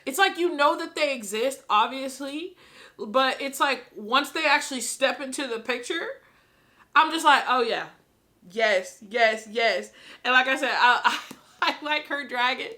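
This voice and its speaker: A woman filming a casual book reaction vlog, gushing and excitable, often laughing and repeating herself as she rambles. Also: high voice, a little slow. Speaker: book vlogger. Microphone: camera she films herself with.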